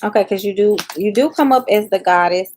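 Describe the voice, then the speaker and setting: A woman's voice: mid-range voice, a little fast, a little mellow, slight background noise, low-quality recording. A woman hosting a live tarot reading, chatting casually and speaking straight to viewers by name.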